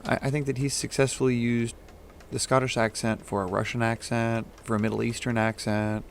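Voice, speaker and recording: A man co-hosting a live painting lesson in a studio, relaying viewer questions in a loose, halting way. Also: medium pitch, level tone, creaky, a little hiss or hum. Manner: loose and halting, with many restarts. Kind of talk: casual live-stream chat.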